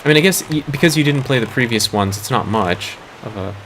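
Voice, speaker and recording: A man playing a game on a casual let's-play stream, dry and hesitant, pausing on many uh's. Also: mid-range voice, animated, fairly bright tone, a little hiss or hum, rough recording. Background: video game music.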